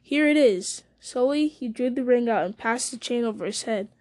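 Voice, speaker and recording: A woman giving a measured, storytelling reading of a fantasy novel. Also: fairly high pitch, darkish tone. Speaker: audiobook reader.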